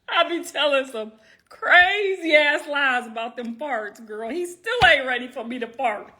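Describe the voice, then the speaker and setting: A woman hosting a casual livestream, telling loud, laughing, slangy stories. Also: high voice, lively intonation, measured pace. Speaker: livestream host. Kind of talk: casual live-stream chat.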